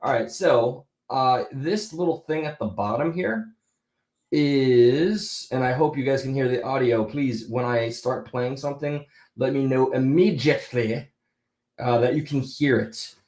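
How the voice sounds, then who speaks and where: A man's voice: medium pitch, a little slow, a little mellow, roomy sound. A man hosting a casual live stream on a spatial mic, chatting in a rambling way and often stopping mid-thought to start over.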